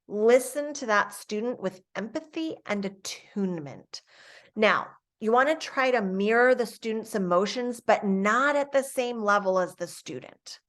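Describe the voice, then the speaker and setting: Middle-aged female instructor, calm, measured, step-by-step lecture delivery, mid-range pitch. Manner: calm, explaining step by step, soft acted examples for students. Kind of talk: instructional lecture on classroom coaching.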